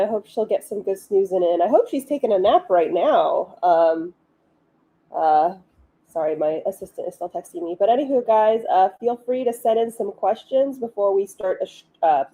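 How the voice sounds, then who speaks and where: A woman's voice: medium pitch, lively intonation, normal speed, narrow, tinny audio. A woman hosting a casual livestream, chatting in an upbeat way with frequent ums and asides. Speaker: livestream host and author.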